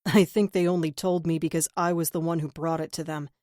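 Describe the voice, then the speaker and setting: A woman's voice: low-pitched, steady tone, fairly quick, darkish tone, no echo, studio quality, lightly acted. A woman voicing a worried male cop. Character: troubled male cop, worried about his brother.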